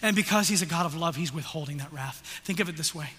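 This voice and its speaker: A male pastor preaching an intense sermon, swinging from hushed whispers to loud, urgent passages. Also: fairly high pitch, fast talker. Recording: long hall reverb.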